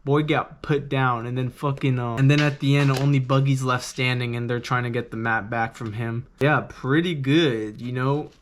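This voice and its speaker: A man's voice: medium pitch, fairly even intonation, moderate pace, few pauses, a little hiss or hum. A young man casually reviewing a manga, rambling and swearing loosely in a laid-back way.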